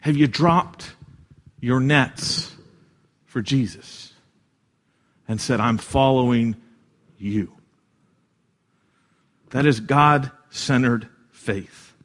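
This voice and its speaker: A man preaching a sermon in an earnest way, swelling louder for emphasis and dropping soft at key lines. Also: mid-range voice, drawn-out words, long pauses. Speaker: pastor.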